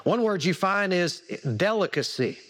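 A man's voice: sits high, lively intonation, normal speed, a bit bright. A man preaching a sermon, repeating words for emphasis and asking the congregation questions. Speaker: pastor.

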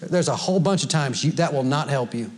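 A man with a slightly high voice preaches briskly, and there's some slight background noise. He's a pastor speaking to a congregation in a church sanctuary, folksy, quick to laugh and fond of quoting scripture.

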